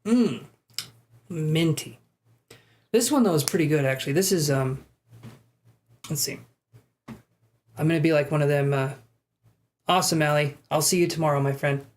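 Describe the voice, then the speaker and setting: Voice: medium pitch, moderate pace, pauses often. Chatty live-stream tarot reader. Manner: chatty, casual, self-deprecating asides.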